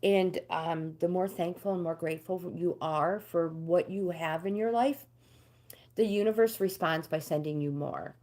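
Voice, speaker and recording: A woman's voice: lowish voice, a little slow, mellow. Chatty older woman reading tarot live. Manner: chatty, reads card meanings aloud, answers viewers by name. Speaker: livestream host reading tarot cards. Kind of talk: casual livestream chat with tarot readings.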